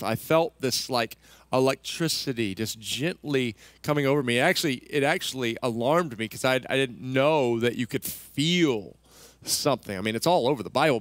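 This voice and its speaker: A man pastor preaching a sermon in a conversational, self-deprecating way, going soft and slow when he leads prayer. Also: mid-range voice, no echo.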